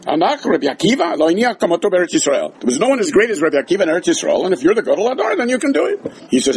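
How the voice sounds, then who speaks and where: A man leads a Talmud class in a fairly high voice that swoops up and down with real liveliness. He acts out the quoted dialogue, drops Hebrew and Aramaic terms into his English, and adds dry, wry asides. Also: wildly swooping pitch, rapid-fire, a little mellow, slight background noise. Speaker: Talmud teacher.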